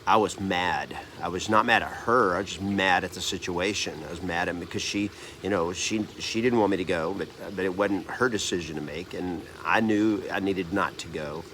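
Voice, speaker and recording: A man's voice: deep voice, moderate pace, few pauses, fairly bright tone, a little hiss or hum. A man in his fifties, a coach, telling a personal story to camera in an earnest, rambling way, restarting and correcting himself often. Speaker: real estate trainer and coach.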